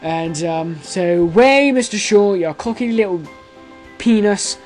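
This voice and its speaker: A young man in his late teens telling a story to camera in a rambling, excitable way, full of fillers, restarts and swearing. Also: high voice, a little slow, soft background music, rough recording. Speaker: vlogger.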